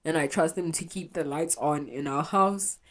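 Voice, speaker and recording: Young woman, podcast host, very low voice, blunt and confessional, swears freely. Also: normal speed, a bit bright.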